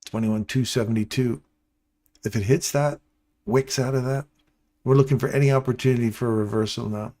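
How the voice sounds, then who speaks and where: Male streamer, mid pitch, casual and playful, talks straight to his chat while he walks through charts. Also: steady tone, a little fast, warm tone. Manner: playful, chatty, addresses viewers by name. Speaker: live trading stream host. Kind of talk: casual live commentary to chat.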